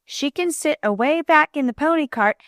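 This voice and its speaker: A woman voicing an earnest, excited little boy in a storybook. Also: high voice, normal speed, no echo, clean studio sound, pitched above the performer's own voice. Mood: eager.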